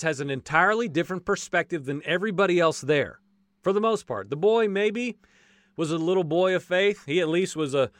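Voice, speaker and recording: A man preaching a casual, animated sermon, acting out voices from the stories and joking as he goes. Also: fairly high pitch, dry recording. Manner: folksy, says "y'all" and jokes.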